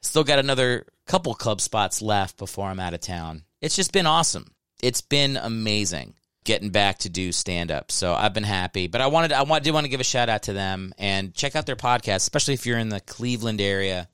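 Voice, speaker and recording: A man's voice: on the low side, expressive, a little fast, sharp tone, smooth, dry recording. A man in his thirties from Ohio, a comedian hosting his podcast alone and talking close to the mic in a rambling, joking, profane way. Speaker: podcast host and stand-up comedian. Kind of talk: casual solo podcast monologue. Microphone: close microphone.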